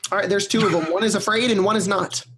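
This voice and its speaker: A man's voice: sits high, steady tone, quick pace, a bit bright, breathy edge. A man narrating as game master of a tabletop game, loose and laughing, swearing freely.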